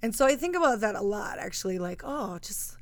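A woman's voice: medium pitch, very animated, a little fast, no echo. A young woman on a podcast, telling a story in a rambling, self-interrupting way. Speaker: podcast guest. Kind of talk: casual chat.

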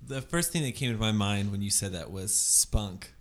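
A man talking in a low-key, hesitant way in a casual group chat. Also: moderate pace. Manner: low-key, hesitant, self-described low energy. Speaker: panel guest.

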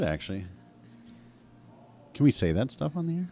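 A man's voice: mid-range voice, unhurried, creaky, slight background noise. A man co-hosting a casual podcast from a shop on location, trading sarcastic jabs and jokes. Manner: sarcastic, deadpan insults, playful. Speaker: podcast co-host.

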